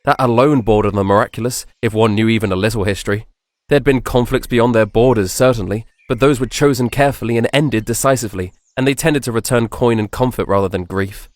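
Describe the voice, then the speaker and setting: A man narrating a fantasy story in a measured, soft-spoken, descriptive scripted style. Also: mid-range voice, dry recording, studio quality.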